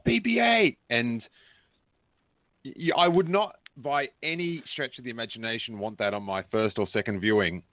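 A man's voice: fairly low pitch, no room sound. A man hosting a casual chat, joking and talking with many restarts. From Australia. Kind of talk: casual chat over a call. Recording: tinny call audio, dry.

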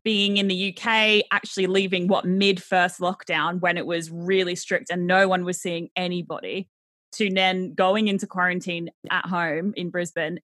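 A woman with an Australian accent touched by British sounds, co-hosting a podcast in animated casual chat. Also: lowish voice, normal speed, no echo. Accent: Australian, with some British mixed in. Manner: chatty and animated, laughs easily. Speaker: podcast co-host.

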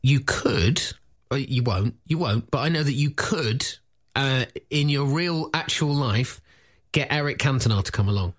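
A man's voice: medium pitch, expressive. A man co-hosting a comedy podcast, teasing his partner and plugging a gig in casual banter. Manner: playful, teasing, quick plugs.

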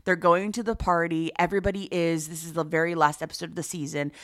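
A woman's voice: lowish voice, little pitch movement. A woman co-hosting a podcast, chatting emphatically and gossiping about a reality show. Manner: emphatic, gossipy, quick to agree. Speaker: podcast co-host. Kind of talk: casual chat recapping reality TV.

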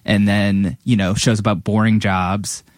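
A man's voice: fairly low pitch, level tone, measured pace, no echo, clean studio sound. A man in casual chat, asking a long rambling question with lots of fillers.

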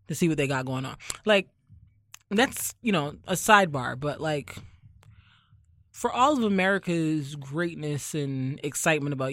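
A man's voice: on the high side, expressive, normal speed, fairly bright tone, no echo. A young man from Barbados hosting a podcast in casual chat, sardonic and rambling, leaning heavily on fillers. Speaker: podcast host.

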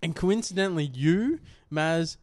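A man's voice: on the high side, unhurried, darkish tone. A young Australian man co-hosting a podcast, rambling through a crude story full of swearing. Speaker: podcast co-host. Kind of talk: casual storytelling chat.

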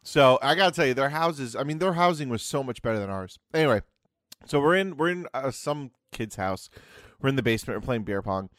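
A young man co-hosts a podcast and tells a story in loose, casual chat. He rambles, breaks off mid-sentence and circles back. His voice sits at an ordinary middle pitch, recorded close and dry. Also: expressive, fairly quick, a bit bright, dry recording. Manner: rambling, self-interrupting storyteller. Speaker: podcast co-host.

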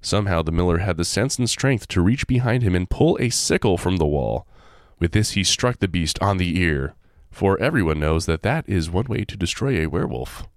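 A man hosting, reading a folk tale aloud with animated, joking asides. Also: low voice, moderate pace, few pauses, no echo, clean studio sound. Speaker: host. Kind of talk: storytelling with jokey asides.

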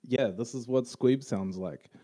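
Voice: medium pitch, measured pace, dark tone. A player with a New Zealand accent, introducing themselves with hesitant fillers and jokes.

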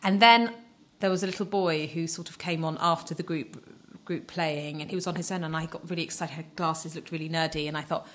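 Low-voiced woman, rambling and giggly. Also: steady tone, fairly quick, a little hiss or hum. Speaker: podcast co-host. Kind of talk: casual chat.

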